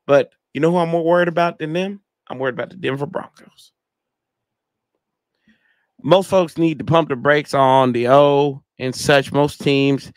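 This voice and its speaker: Here a podcast host with a smooth, mid-range voice rambles casually through a sports fan livestream. He uses plenty of slang and reads out live chat comments, responding as he goes. It's a dry, close-miked recording.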